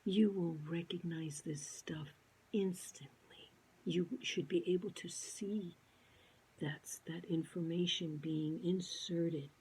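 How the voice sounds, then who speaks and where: Female vlogger, low and mellow, animated storyteller who often drops to a whisper. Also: breathy edge, poor audio. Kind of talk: personal storytelling monologue.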